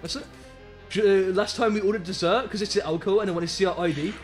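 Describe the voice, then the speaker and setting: A young man from Birmingham with a Birmingham accent, chatting excitably and in slang while streaming a game. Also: high voice, fast talker, faint music behind. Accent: Birmingham English. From Birmingham, England. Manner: excitable, slangy, many hums of agreement. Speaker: live streamer. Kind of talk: casual gaming stream chat.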